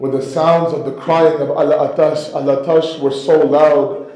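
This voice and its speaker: A man preaching a sermon with passionate storytelling, his somewhat high voice ringing through a roomy, echoing space. He drops to hushed tones and then climbs toward cries. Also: level tone, unhurried. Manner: impassioned, swings between hushed and near-shouting. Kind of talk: emotional religious sermon storytelling. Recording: roomy echo.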